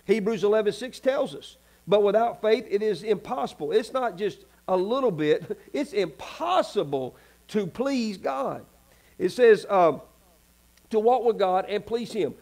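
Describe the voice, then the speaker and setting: Folksy Southern preacher, high-pitched man. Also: lively intonation, unhurried, a little mellow. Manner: folksy, preacherly, with asides to the congregation. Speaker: pastor. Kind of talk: sermon. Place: church sanctuary.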